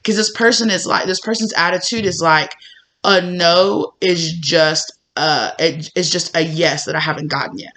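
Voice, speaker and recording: A man with a slightly rough voice giving an animated tarot reading, acting out imagined conversations as he goes. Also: fairly high pitch. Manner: animated, acts out imagined dialogue in quick bits. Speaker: tarot reader.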